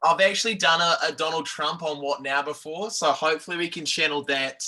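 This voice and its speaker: A man's voice: a little high, steady tone, brisk, pushed and bright, slight background noise. A man chatting as an interview guest over a video call, rambling and self-deprecating, laughing easily.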